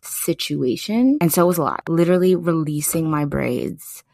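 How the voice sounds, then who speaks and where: Gravelly low-voiced excitable woman host. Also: moderate pace, no room sound. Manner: effusive, excitable, chatty. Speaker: podcast host. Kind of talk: casual podcast chat.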